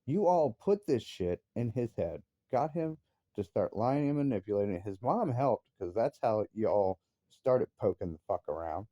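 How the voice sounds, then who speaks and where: A man's voice: fairly low pitch, sing-song, normal speed, warm tone, dry recording, clean studio sound. A man, a father, angrily ranting about his family with heavy swearing, his voice jumping up into outbursts. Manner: angry, profane, voice rising sharply into outbursts. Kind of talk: heated personal rant.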